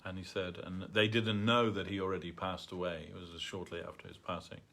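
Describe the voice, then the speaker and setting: A man telling a story at a temple gathering in a halting way, with many fillers and restarts. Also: sits low, level tone, gravelly, bright, forceful tone. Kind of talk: storytelling talk. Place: temple hall.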